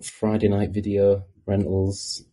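A man's voice: on the low side, monotone, takes it slowly, warm tone. A man with a Yorkshire accent, a guest on a movie podcast, recalling things in a rambling, self-correcting way. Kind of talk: casual podcast chat.

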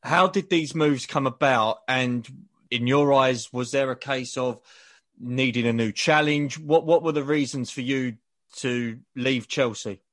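A man hosting a podcast, asking polite, measured interview questions. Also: mid-range voice, a bit bright.

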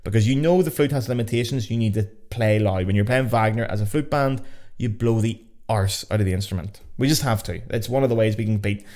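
Chatty Northern Irish man, lowish voice. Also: fast talker. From Northern Ireland. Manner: swears freely, excitable and chatty. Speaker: podcast host. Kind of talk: casual solo podcast. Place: home.

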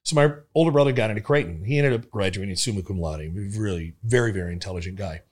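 A man, a comedian and former cop, telling stories in a casual chat, animated and laughing through them. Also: on the low side, fast. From Omaha area of Nebraska. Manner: animated, laughing through his own stories, jumping into big voices for quotes.

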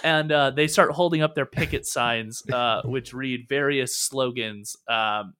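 A man's voice: medium pitch, unhurried, pushed and bright, smooth. A man narrating as game master of a tabletop game, rambling with many ums and uhs. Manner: rambling, many fillers, laughs often.

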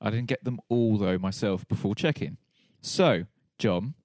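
A man's voice: lowish voice, measured pace, darkish tone, dry recording, studio quality. A man co-hosting a football podcast in casual chat, joking with puns and quizzing his co-host.

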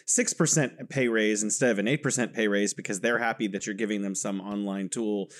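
A man's voice: lowish voice, fairly even intonation, fairly quick. A man from the United States hosting a podcast, asking curious questions in a conversational way. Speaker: podcast host. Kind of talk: casual interview chat.

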